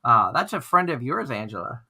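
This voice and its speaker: A man's voice: mid-range voice, big pitch swings, moderate pace, gravelly, sharp tone, husky. A man hosting an online fan radio show, chatting casually and rambling with frequent restarts. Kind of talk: casual chat.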